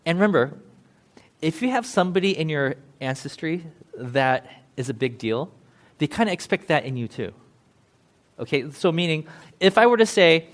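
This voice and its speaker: A man preaching in a church with an easy, conversational style. His voice sits a little high, and he talks loosely and jokes with the congregation as he explains the text. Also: lively intonation. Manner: chatty, joking, with quick laughs. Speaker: pastor. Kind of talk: casual sermon.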